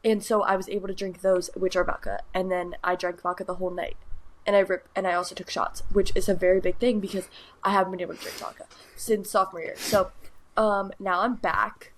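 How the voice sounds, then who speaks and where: A young woman co-hosting a casual podcast, chatting brightly with lots of ums and likes. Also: medium pitch, little pitch movement, a little fast, low-quality recording. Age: young adult. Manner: bubbly, filler-heavy chatter. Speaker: podcast co-host.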